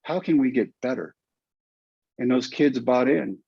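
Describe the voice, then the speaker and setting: A man's voice: medium pitch, measured pace, vocal fry, husky, dry recording. A man, telling an earnest, emotional story as a podcast guest. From United States. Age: 50s. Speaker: guest, former pitcher and teacher. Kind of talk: storytelling interview. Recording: dull dry podcast audio.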